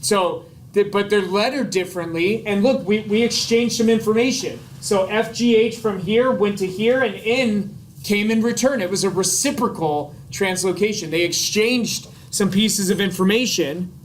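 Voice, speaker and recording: High-voiced, chatty male biology lecturer. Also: normal speed, a little hiss or hum. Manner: chatty, jokey asides, frequent "like" and "right?". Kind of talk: classroom lecture.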